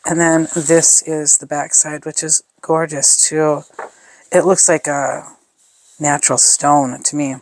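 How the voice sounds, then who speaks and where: A woman's voice: low-pitched, level tone, takes it slowly, no echo. A woman chatting through an unboxing of scrapbooking supplies, gushing over each piece and thinking aloud with fillers. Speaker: scrapbooking product reviewer. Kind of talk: casual unboxing show-and-tell.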